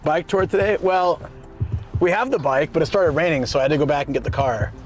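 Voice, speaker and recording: A man's voice: fairly high pitch, brisk, a little hiss or hum. A man chatting casually with his viewers during a live stream, reading their messages and answering them as he goes. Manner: chatty, talks to viewers and reads chat. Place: outdoors on a bike ride.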